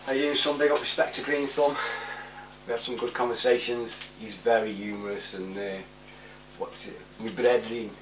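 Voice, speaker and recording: A man's voice: mid-range voice, far from the mic. Rambling man in his forties. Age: 40s. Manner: rambling, chatty, laughs often. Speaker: vlogger. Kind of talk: casual shout-outs monologue. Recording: roomy, off-mic, faint hum.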